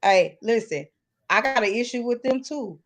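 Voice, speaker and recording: Blunt high-voiced woman podcast host. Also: animated, moderate pace, a bit bright, low-quality recording. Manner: blunt, emphatic, repeats herself to hold the floor. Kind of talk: heated casual talk on a live call-in podcast.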